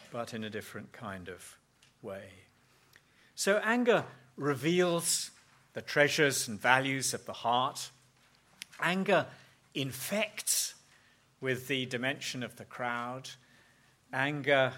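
A man delivers a sermon in a bright, forceful voice. He leans hard on key words, drawing them out slowly, and acts out brief quoted exchanges to drive his point home. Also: medium pitch. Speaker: preacher.

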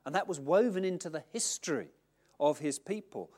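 A middle-aged man preaching a sermon in a conversational, self-mocking, animated way. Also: fairly high pitch, moderate pace. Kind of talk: sermon with Bible reading.

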